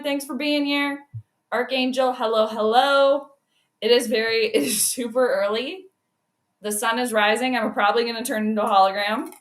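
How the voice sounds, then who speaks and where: Chatty woman streamer, high voice. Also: fairly bright tone. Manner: chatty, greets viewers by name; laughs often between remarks. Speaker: livestream host. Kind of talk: casual livestream chat. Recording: roomy echo.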